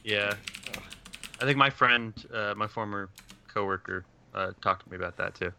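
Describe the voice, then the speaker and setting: A man co-hosting a casual podcast chat, relaxed, posing discussion questions. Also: fairly low pitch, moderate pace, vocal fry, clean tone.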